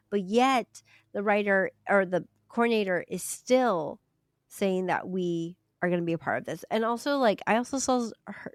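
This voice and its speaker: A woman co-hosting a chatty book podcast, recorded close and dry with almost no room sound. She talks animatedly and hedges her claims, and her pitch leaps up when she mimics other people. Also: no room sound. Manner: animated, acts out quoted people with sudden high-pitched voices; hedges with repeated "allegedly". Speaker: podcast co-host. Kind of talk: casual chat.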